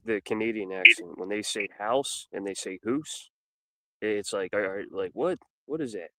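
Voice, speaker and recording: Blunt man with a low voice. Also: moderate pace, sharp tone, no echo, rough recording. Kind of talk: casual live stream chat.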